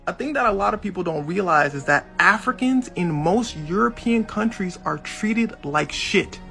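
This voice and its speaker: A man with a gravelly, rough-edged voice tells a comic story with wildly swinging pitch. He cusses freely and acts out the lines of the people in it. Faint music plays underneath. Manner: animated, cussing, acts out quotes.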